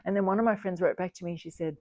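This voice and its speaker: A fifty-year-old single mother tells the camera about her fertility journey, candid and reflective, often breaking into laughter. Her voice is fairly low and mellow, rapid-fire, with fairly even intonation. The recording is dry, with the highs cut off.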